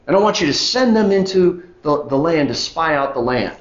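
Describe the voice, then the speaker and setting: Animated preaching man in an echoey hall. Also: on the high side, moderate pace. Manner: animated, emphatic preaching with shifts to loud urging. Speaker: pastor. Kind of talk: sermon. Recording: echoey room, dull lo-fi sound.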